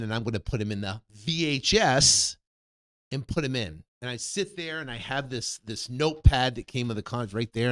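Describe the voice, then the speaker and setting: A man in his fifties, a real estate coach, telling a personal story and acting out the dialogue with lively energy. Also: fairly high pitch. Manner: animated storyteller who acts out quoted dialogue. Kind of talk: personal story told to an audience.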